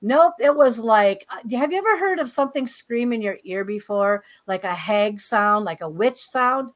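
A fairly high-pitched woman talks as a guest, recounting her own eerie experiences in a loose, chatty way. She is animated and breezy, often doubling back on her words mid-sentence. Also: normal speed. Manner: animated, breezy storyteller who repeats words as she goes. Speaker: guest author and paranormal experiencer. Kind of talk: casual storytelling interview.

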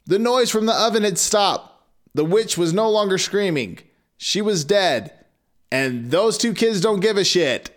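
A man's voice: sits high, lively intonation, measured pace. Irreverent man reading a fairy tale. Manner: irreverent, sarcastic, swears freely. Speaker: storyteller. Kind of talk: comedic fairy-tale reading with profane asides.

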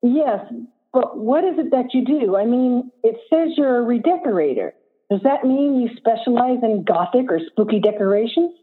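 A man's voice: very high-pitched, expressive, normal speed, husky, heavily acted. A woman reading aloud as a hesitant, stammering man in his forties, over a tinny phone-like line. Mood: nervous.

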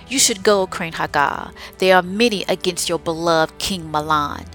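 A woman's voice: on the low side, normal speed, fairly bright tone, faint music behind, natural voice. A woman reading the lines of a guarded, secretive male chieftain in her own voice. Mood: warning.

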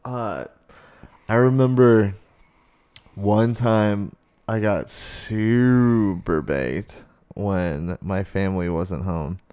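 A young man with a low, smooth, clear voice speaks very slowly and easily, drawing out his words. He tells his story casually and swears freely. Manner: slow, relaxed, profane, drawn-out.

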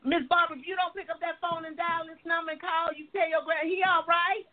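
A high-voiced woman hosting a lively call-in chat, talking fast and animated. Her voice comes through a thin, tinny phone line. A steady hiss of noise sits behind it. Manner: animated, chatty, Southern Black vernacular turns of phrase. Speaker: host. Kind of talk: casual call-in show chat.

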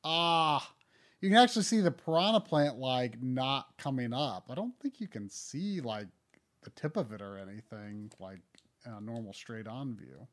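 Male streamer, animated delivery with a wide pitch range, laughs easily while playing. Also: normal speed. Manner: chatty, laughs often, animated. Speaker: streamer playing a retro game. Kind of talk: casual live-stream chat.

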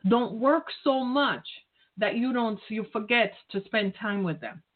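A middle-aged woman talks straight to her listeners in an earnest, preaching way, coming back again and again to the same phrases. Her voice sits fairly high and comes through a thin, phone-like line. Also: unhurried. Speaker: speaker addressing caregivers. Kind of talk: heartfelt direct-address talk.

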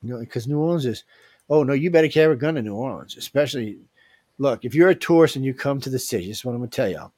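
Blunt talk-show host, male, animated, recorded close with no room sound. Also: mid-range voice, rapid-fire, no room sound. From Southern US. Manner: animated, blunt, swings loud and soft. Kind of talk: casual talk show chat.

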